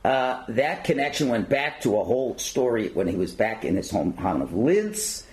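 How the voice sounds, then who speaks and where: A man's voice: medium pitch, big pitch swings, normal speed, a little mellow, low-quality recording. A man lecturing at a synagogue learning centre, reading passages aloud and then commenting in his own words with fillers. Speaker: rabbi lecturer.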